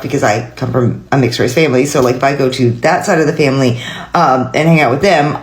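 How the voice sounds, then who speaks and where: A woman casually telling a funny family story to the camera, often breaking into laughter. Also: on the low side. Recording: roomy echo.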